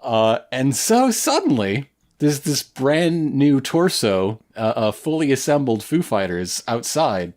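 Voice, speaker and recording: A man's voice: mid-range voice, very animated, takes it slowly, a little mellow. A man co-hosting a podcast, recapping an anime in casual chat with a joking, storytelling manner. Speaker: podcast co-host.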